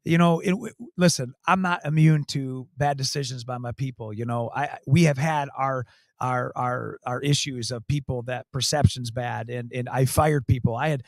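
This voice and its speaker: A man's voice: mid-range voice, normal speed, no room sound, clean studio sound. A man, a county sheriff, telling a story in an interview, emphatic and earnest, repeating key phrases. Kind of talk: storytelling in a talk show interview.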